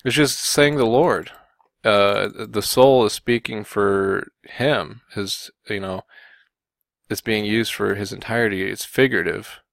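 A man giving combative Bible commentary, often pausing on "okay" and "you know" to press his point. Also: on the low side, gravelly, fairly bright tone, no echo. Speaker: religious video commentator.

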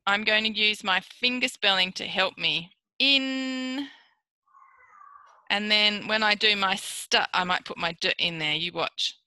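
A woman speech therapist working with a client, encouraging and praising with slow, exaggerated enunciation. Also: medium pitch, bright, forceful tone.

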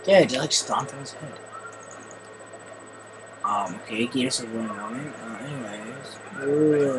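A man doing excitable gameplay commentary, often yelling and swearing at the game. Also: medium pitch, normal speed, noisy background. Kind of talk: let's play commentary.

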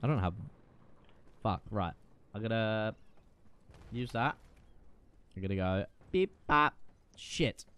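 A man giving casual, profane, excitable commentary while playing a shooter game. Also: fairly low pitch, takes it slowly, pauses often, clean tone, dry recording. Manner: profane, excitable, self-mocking. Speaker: gaming video creator.

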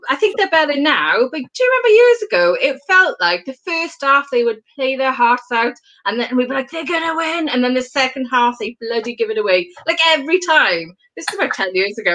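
A woman from Wales hosting a casual chat, excitable and laughing often as she tells stories. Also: high voice, brisk, hardly any pauses, low-quality recording. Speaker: host.

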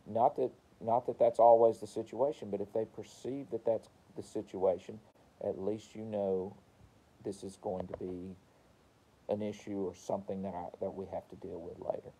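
A man's voice: fairly low pitch, fairly even intonation, normal speed, warm tone, breathy edge, rough recording. A man coaching service technicians in a casual training talk, repeating key phrases and acting out customer conversations. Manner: repeats phrases, role-plays customer dialogue.

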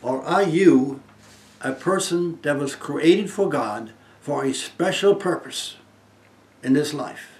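A man in his eighties from Germany, giving an earnest inspirational testimony as a guest speaker and swinging between loud emphasis and soft hushed phrases. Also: on the high side, animated, slow, reverberant.

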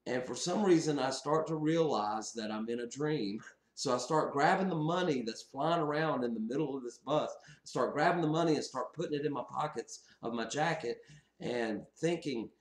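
Animated man telling a story in an echoey room. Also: medium pitch. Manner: animated, laughs often while recounting. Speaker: channel host. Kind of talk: casual storytelling to camera.

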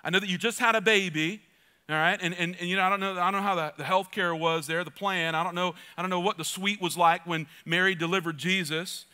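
A man's voice: sits high, steady tone, fast talker, bright, forceful tone, clean tone, big-room sound. A male pastor voicing an angel who gives a man urgent, rambling orders in a sermon.

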